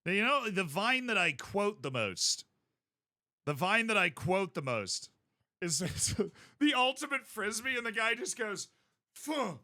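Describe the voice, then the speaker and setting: A man streaming a game, chatting casually in a rambling, jokey way with sudden loud outbursts. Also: high-pitched, very animated, measured pace, no room sound, studio quality.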